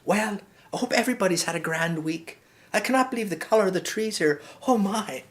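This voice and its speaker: A man's voice: high-pitched, animated, brisk. A man voicing a cheerful Irish male farmhand with a put-on Irish accent, in a folksy, rambling comic monologue. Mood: chatty. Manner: chatty and folksy, with rambling asides.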